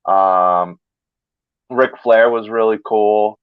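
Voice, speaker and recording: Male host, casual chat, easygoing, soft trailing endings, dry, dull audio. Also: fairly low pitch, fairly even intonation, very slow, clean tone, no echo.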